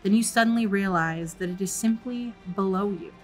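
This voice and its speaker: A woman narrating a folk horror tabletop game as dungeon master, describing scenes calmly. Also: medium pitch, moderate pace, faint music behind.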